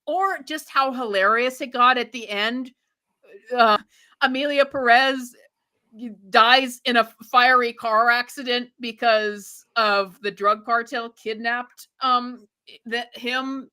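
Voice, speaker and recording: A young woman hosts a live reaction stream, rambling through her opinions with plenty of restarts. Her voice sits a little high and has a bright, sharp edge. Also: fairly even intonation, slow pace, smooth.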